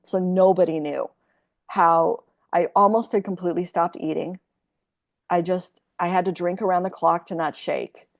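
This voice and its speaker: A woman's voice: fairly low pitch, fairly even intonation, normal speed. A woman in her sixties, a podcast guest telling a candid personal story in a rambling, profane way, full of fillers and restarts.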